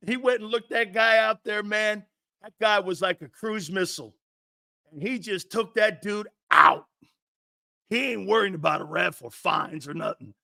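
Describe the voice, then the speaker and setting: A man hosting a football talk show in a brash, loud, profane and mocking monologue. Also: sits high, expressive, normal speed, gravelly, no echo, studio quality. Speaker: sports talk show host.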